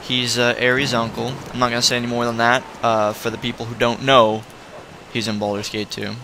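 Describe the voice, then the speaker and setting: A man's voice: mid-range voice, monotone, brisk, background noise. A man giving casual, rambling commentary while playing a video game, full of restarts and self-corrections. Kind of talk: let's play commentary.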